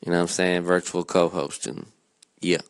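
A man's voice: deep voice, little pitch movement, normal speed. A man hosting a casual show, chatting in slangy banter and rapping in a rhythmic rhyming flow. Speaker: podcast host and freestyle rapper. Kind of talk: casual chat and freestyle rap over a beat. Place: Alaska. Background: hip hop beat.

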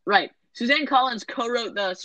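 A woman's voice: a little high, moderate pace, sharp tone, dull audio. A woman in casual chat recapping a movie, rambling, correcting herself and tossing in sarcastic asides.

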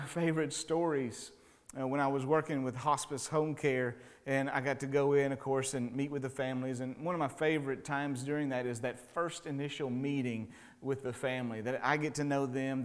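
A man preaching a relaxed, conversational sermon as a pastor and chaplain, with a self-deprecating sense of humor and lots of stammered restarts. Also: medium pitch. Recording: long hall reverb.

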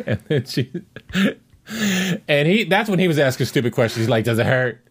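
Rambling, animated middle-aged man. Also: a little high, normal speed, husky. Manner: rambling, animated storytelling with many fillers and restarts. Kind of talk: casual chat reviewing a show.

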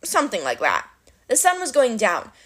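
A woman reading a novel aloud in storybook narration, with an animated, wry delivery. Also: on the high side, moderate pace, slightly rough. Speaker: reader of a novel.

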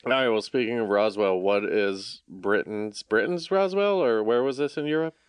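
A man's voice: fairly low pitch, moderate pace, smooth, no room sound, clean studio sound. A man co-hosting a podcast, joking and opinionated in casual chat. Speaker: podcast co-host.

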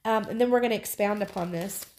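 A woman teaching the Bible casually, earnest and emphatic, repeating her phrases and rising sharply in pitch. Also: quick pace, darkish tone.

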